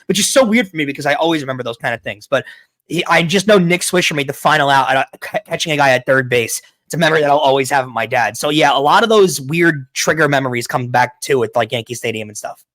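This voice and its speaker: A man co-hosting a podcast, chatting casually and recalling memories in a quick, rambling way. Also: medium pitch, a bit bright, no echo. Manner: quick, rambling recollection with restarts. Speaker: podcast co-host. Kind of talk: casual chat.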